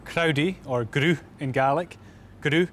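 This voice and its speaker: A man's voice: fairly high pitch, expressive, moderate pace, a little hiss or hum. A young man presenting a Gaelic learning show, cracking puns in a playful, upbeat manner. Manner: punning, jokey, upbeat. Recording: music bed behind voice.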